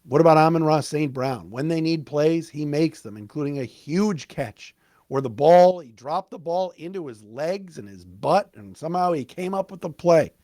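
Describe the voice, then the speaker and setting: A man hosting a solo sports podcast, recapping a game in an excited, emphatic, conversational way. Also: fairly high pitch, normal speed, dry recording, clean studio sound. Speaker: podcast host.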